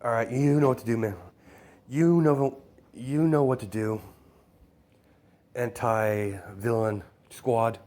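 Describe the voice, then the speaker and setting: A man's voice: medium pitch, fairly even intonation, slow, pauses often, a little mellow, close to an everyday voice. A man doing a smug young crime boss. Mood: commanding. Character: cool, confident young male crime boss.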